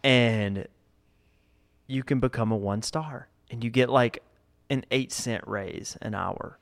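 A man's voice: mid-range voice, slow, creaky. A man in his thirties chatting casually, telling stories from old jobs and acting out the people in them. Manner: laid-back storytelling, acts out quoted people. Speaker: guest telling work stories. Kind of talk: casual chat.

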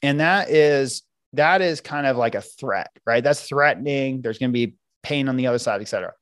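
A man's voice: medium pitch, normal speed, clear, resonant tone, no room sound. A middle-aged man, a parenting coach, explaining techniques in an interview and acting out parents and children. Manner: animated, acts out parents and kids in quoted voices.

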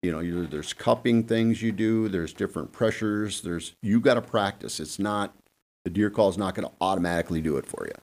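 A man telling hunting stories casually on a panel, acting out quick asides with an animated delivery. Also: low-pitched. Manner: animated, acts out deer and buddies in quick asides. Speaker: guest hunting expert. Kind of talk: casual storytelling on a podcast panel.

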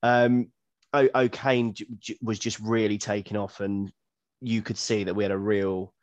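A man's voice: on the low side, little pitch movement, normal speed, no echo, highs cut off. A man hosting an interview who asks long questions, hesitant, with restarts as he goes. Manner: hesitant, restarts and fillers while asking. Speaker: podcast host.

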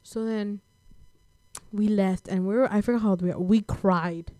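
A woman's voice: mid-range voice, fairly even intonation, moderate pace, warm tone, no room sound. A young woman from the United States telling a personal story in a casual chat, slangy and laid-back, with lots of fillers.

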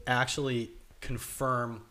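A man's voice: mid-range voice, flat delivery, slow, over a noisy crowd. A man recounting a ghost-hunting night in a casual chat, laid-back and given to dry jokes. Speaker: paranormal investigator, podcast co-host.

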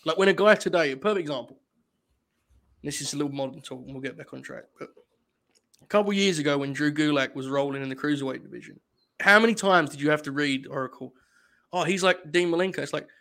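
A man's voice: on the high side, fast, gravelly, fairly bright tone. A man co-hosting a casual wrestling podcast, opinionated and laid-back, saying "like" and "dude" and swearing freely. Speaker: podcast co-host.

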